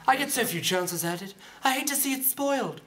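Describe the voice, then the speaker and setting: A man's voice: very high voice, expressive, brisk, bright, forceful tone, slight background noise, exaggerated voice. A man playing a vain, pompous male spy chief in an amateur comedy sketch, with a put-on posh British manner. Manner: pompous, fussy, put-on British upper-class voice.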